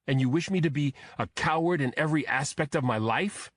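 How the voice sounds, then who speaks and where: A man voicing an exasperated husband who shouts back at his wife, then softens. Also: lowish voice, lively intonation, moderate pace, slightly rough, no room sound. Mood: indignant. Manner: indignant, shouting.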